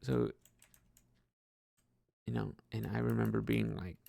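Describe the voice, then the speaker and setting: A man's voice: fairly low pitch, steady tone, unhurried, vocal fry, warm tone. A young man rambling hesitantly about his life while gaming, full of fillers and restarts, swearing casually. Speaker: podcaster.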